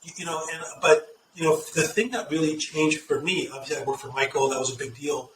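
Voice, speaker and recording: A middle-aged man talking as an interview guest, telling career stories and giving earnest, animated advice. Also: fairly high pitch, a little fast, distant mic, noisy background. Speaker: guest executive. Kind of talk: casual interview chat. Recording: echoey room, off-mic, faint ambience.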